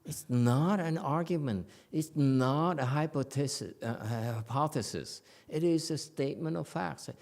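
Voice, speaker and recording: A man's voice: on the high side, measured pace, vocal fry, few pauses, a little mellow. A man giving a Buddhist dharma lecture in a meditation hall, blunt and teasing, with many fillers and restarts. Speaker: Buddhist master.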